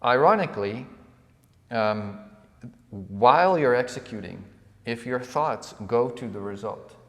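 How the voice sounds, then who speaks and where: A man's voice: medium pitch, unhurried. Man telling a story in an echoey room. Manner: animated storyteller who acts out villagers. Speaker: podcast co-host. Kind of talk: conversational storytelling. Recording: echoey room with long reverb.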